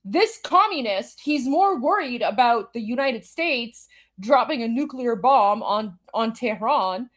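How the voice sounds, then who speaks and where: A woman's voice: fairly high pitch, lively intonation, unhurried. A woman hosting a live commentary show, reacting to a clip with incredulous, exasperated asides. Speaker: host.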